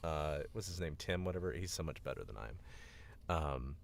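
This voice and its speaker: A man's voice: very deep voice, fairly quick, creaky. A man who is a voice actor, feeling sick, chatting casually on a stream in a rambling, filler-heavy way. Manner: rambling, filler-heavy and animated, demoing accents. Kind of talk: casual livestream chat.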